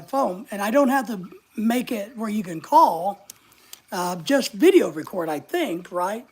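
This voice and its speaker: Chatty woman with a gravelly, husky voice. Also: mid-range voice, darkish tone. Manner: rambling, chatty, reads out viewer comments. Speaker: live-stream host. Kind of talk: casual live-stream chat.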